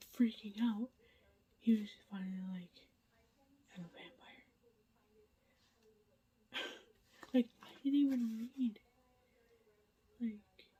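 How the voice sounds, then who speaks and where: A woman's voice: on the high side, warm tone, breathy edge, low-quality recording. A woman whispering a casual late-night reading vlog update, chatty and full of ums and likes. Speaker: book vlogger.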